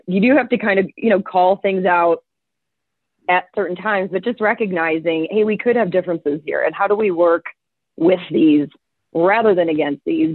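Animated woman on a tinny line. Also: on the low side, no room sound. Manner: animated, acts out quotes. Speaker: interview guest, coach. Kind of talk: casual storytelling. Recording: tinny phone-like line, dry.

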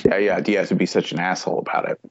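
A man's voice: low-pitched, steady tone, very fast. A man in a casual movie chat, giving blunt, profane opinions. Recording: dull lo-fi sound.

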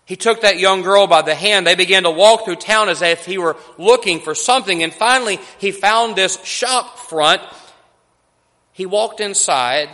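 Slow, bright-voiced male preacher. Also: high voice, long reverb tail. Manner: slow, deliberate storytelling with emphatic pauses. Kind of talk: sermon.

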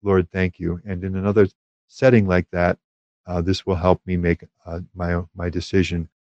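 A priest with a very low voice gives a gentle, unhurried spoken conference, pausing and restarting often. The sound is dry and a little dull, as if recorded close in a small room. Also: male voice, level tone, no room sound. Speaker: priest giving a retreat conference. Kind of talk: spoken retreat talk.

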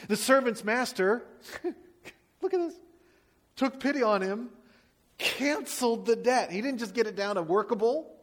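Expressive pastor preaching in a reverberant hall. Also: male voice, very high-pitched, measured pace, long pauses. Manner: expressive storytelling, drops to quiet emphasis. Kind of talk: sermon.

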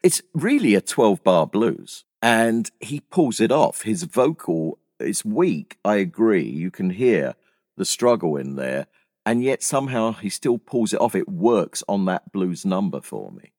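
A man's voice: lowish voice, very animated, a little slow, darkish tone, dry recording, clean studio sound. A man co-hosting a podcast, casually and analytically discussing an album's track order. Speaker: podcast co-host.

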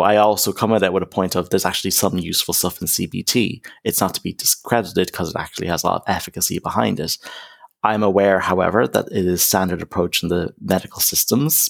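A man's voice: deep voice, creaky, breathy edge. A young man, a counsellor, talking casually in an interview, emphatic, with lots of "you know" and "okay?". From Ireland. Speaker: counsellor, podcast guest.

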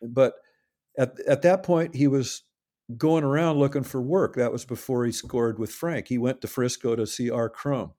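A warm, steady, mid-range voice at a moderate pace belongs to an older man chatting in a casual interview. His stories run long and rambling, full of self-corrections and quoted remarks from others.

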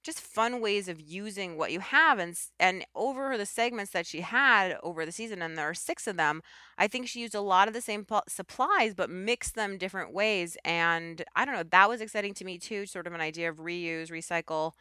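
A woman's voice: mid-range voice, moderate pace, pushed and bright, clear, resonant tone, no echo, clean studio sound. A woman hosting a crafting podcast, chatting casually with enthusiasm and rambling asides. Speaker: podcast host. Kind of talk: casual chat.

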